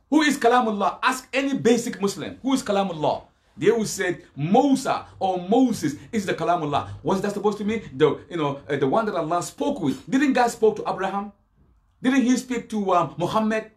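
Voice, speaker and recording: A man preaching a live religious rebuttal, arguing through repeated rhetorical questions. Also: high voice. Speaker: Muslim preacher. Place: Yonkers live stream.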